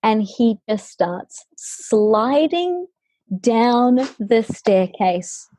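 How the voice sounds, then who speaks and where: A young woman from Australia, a singer and guest, telling an animated story in a casual chat over a video call. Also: on the high side, extremely slow.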